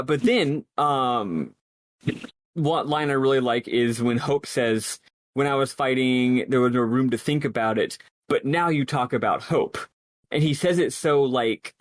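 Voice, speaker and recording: A man's voice: mid-range voice, expressive, unhurried, dry recording. A man co-hosting a podcast, talking through his ideas in a rambling way, with many fillers and restarts. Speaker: podcast co-host. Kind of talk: casual discussion.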